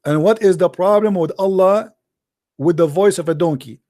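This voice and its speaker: Call-in debate host, male, mocking and taunting, mellow voice pitched a bit high. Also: moderate pace. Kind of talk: live call-in religious debate.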